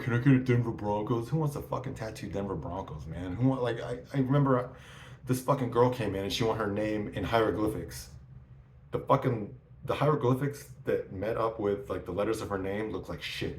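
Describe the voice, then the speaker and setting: A man's voice: lowish voice, a little mellow. A man in his forties telling stories in a casual interview, swearing often and restarting his sentences. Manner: profane, rambling, restarts often. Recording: echoey room with faint noise.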